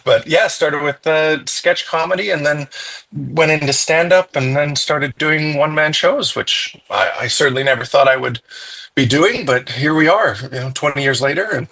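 A man's voice: a little high, normal speed, creaky, bright, forceful tone, rough recording. A man interviewed as a comedian guest, chatty, with stumbling restarts and laughs. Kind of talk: interview answers.

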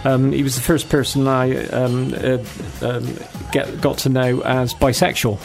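Radio guest, halting, ums throughout. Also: mid-range voice, flat delivery, creaky, music in the background. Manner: hesitant, many ums. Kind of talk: community radio chat.

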